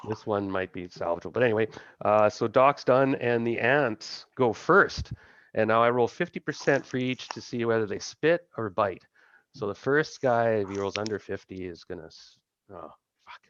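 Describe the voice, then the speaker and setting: Male game master, casual, slightly low voice, dry muffled call audio. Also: normal speed, fairly bright tone, no room sound. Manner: casual, laughing, thinking aloud. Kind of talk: running a tabletop game.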